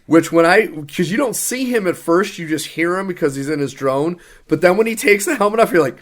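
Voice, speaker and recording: A man co-hosting a casual podcast, ranting about a film he hated. His voice sits a little high for a man, and he talks in an exasperated, sarcastic way. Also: expressive, a little fast, hardly any pauses. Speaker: podcast co-host. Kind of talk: casual podcast movie review.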